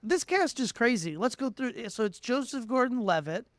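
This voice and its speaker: A man co-hosting a podcast in casual chat, eager and quick to react. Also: very high voice, lively intonation, no room sound.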